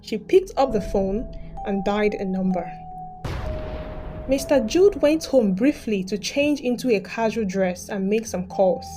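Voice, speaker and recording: A woman narrating a dramatic story in a steady, scripted storytelling style. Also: mid-range voice, measured pace. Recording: background music.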